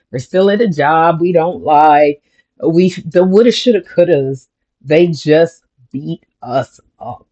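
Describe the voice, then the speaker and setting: A spiritual vlogger talks straight to the camera in a casual motivational vlog, rambling and chatty. The voice sits at a middle pitch, and the stories come out with lively energy. The sound is a little dull and lo-fi. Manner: chatty, rambling, animated storytelling.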